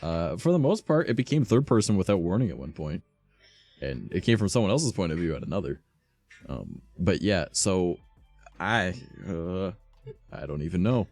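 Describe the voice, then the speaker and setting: Deep gravelly man, streamer reading fan fiction aloud, sore voice, swears casually, lively delivery. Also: normal speed, faint music behind. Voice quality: profane, offhand, deadpan asides.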